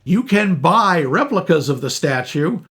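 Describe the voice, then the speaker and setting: A man co-hosting a podcast, reading out movie trivia facts in a steady, informative casual chat. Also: a little high, a little slow. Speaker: podcast co-host.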